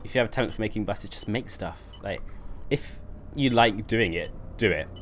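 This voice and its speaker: A man's voice: fairly low pitch, moderate pace, a bit bright, slight background noise. Chatty man live-streaming a game. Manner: chatty, reacts to chat, laughs often. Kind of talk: live-stream commentary while playing.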